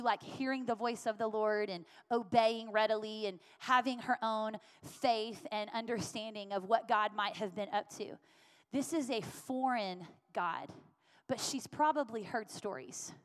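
Woman pastor preaching, kinda high voice, lots of repeating for emphasis, big church reverb. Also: unhurried. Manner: earnest, repetitive emphatic preaching. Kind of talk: sermon. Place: church sanctuary. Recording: long reverb of a church hall.

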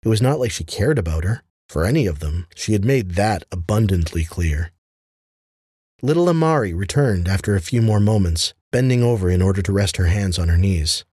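A man reading fantasy fiction aloud in a measured, even storytelling manner. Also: deep voice, husky, no room sound, studio quality. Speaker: audiobook narrator. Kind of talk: scripted fantasy narration.

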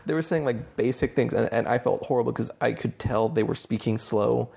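Young guy, gravelly husky voice, joking around in a loose podcast chat. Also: mid-range voice, brisk, darkish tone. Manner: laid-back, joking, swears freely. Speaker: podcast co-host. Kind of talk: casual chat.

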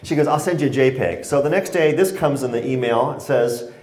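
A man from Connecticut, USA, medium-pitched and fairly quick, sounds roomy as he delivers a humorous public lecture on stress. He tells stories and jokes with animated energy, drawing laughter from the audience.

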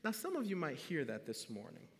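A man's voice: fairly high pitch, huge pitch swings, brisk, long reverb tail. A male pastor preaching a sermon, telling a story with animation and putting questions to the congregation.

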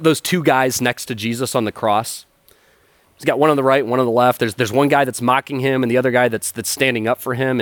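A man's voice: medium pitch, no room sound. Man preaching a sermon, close and dry. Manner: animated storytelling with playful character voices, then soft prayer. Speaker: pastor.

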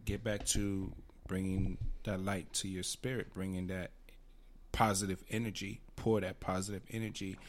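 A young man with a fairly low voice talks on a podcast, earnest and reassuring. He restarts and repeats words as he works out what he means. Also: level tone, moderate pace. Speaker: podcast co-host. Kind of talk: casual chat.

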